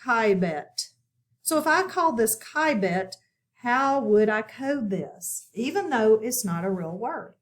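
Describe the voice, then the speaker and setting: A woman walks learners through a phonics lesson in a slow, patient way. Her voice sits a little high. The recording has a noticeable room echo. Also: expressive. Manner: patient, step-by-step instruction. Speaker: phonics teacher.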